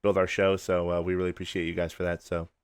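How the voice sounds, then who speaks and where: A man co-hosting a podcast, relaxed and jokey, with lots of "uh" fillers. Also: sits low, fast talker, clean tone, dry recording. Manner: laid-back, filler-heavy, jokey. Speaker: podcast co-host. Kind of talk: casual podcast chat and sponsor read.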